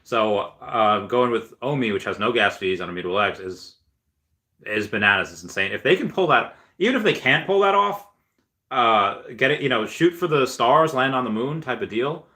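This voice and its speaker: A man's voice: mid-range voice, animated, normal speed, pushed and bright. A man hosting a casual vlog, rambling with many fillers and restarts and frequent chuckles. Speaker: gaming and crypto video host.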